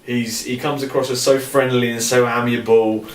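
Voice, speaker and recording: A man's voice: mid-range voice, normal speed. A man co-hosting a casual podcast chat, swearing freely and laughing often. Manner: sweary, laughing, relaxed banter. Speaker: podcast co-host. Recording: roomy, distant mic, faint hiss.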